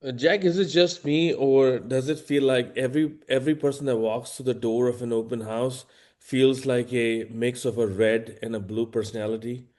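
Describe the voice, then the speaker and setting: A man co-presenting a class, asking a relaxed, jokey question. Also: medium pitch, moderate pace.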